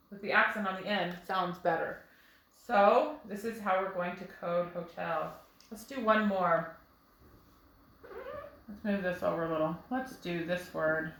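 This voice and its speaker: A woman teaching a phonics lesson to first graders at a whiteboard, explaining slowly and clearly with patience. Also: mid-range voice, sharp tone, echoey room, rough recording. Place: classroom with a whiteboard.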